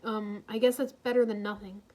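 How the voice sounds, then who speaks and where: A woman's voice: medium pitch, flat delivery, a little fast, a little mellow, close to an everyday voice. A shy, awkward young ninja who hesitates and stammers, as a woman reads him. He sounds unsure of himself in this storybook tale.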